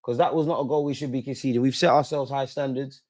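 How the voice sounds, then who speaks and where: A man's voice: medium pitch, fairly even intonation, fast, a little mellow. A man hosting a live football watch-along, talking emotionally at the players and referee on screen in casual, slangy speech with some swearing. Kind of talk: live match reaction.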